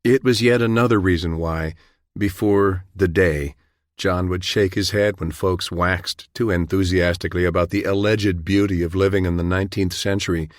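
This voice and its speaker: Deep-voiced man narrating an audiobook. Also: fairly even intonation, moderate pace, no echo, clean studio sound.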